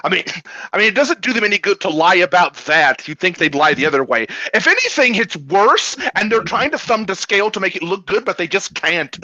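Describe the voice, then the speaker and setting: A man's voice: high voice, very animated, brisk, pushed and bright, no echo. Crude joking man on a dull mic. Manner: crude, joking, storytelling asides. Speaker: podcast guest. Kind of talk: casual political chat. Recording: dull, dry home mic.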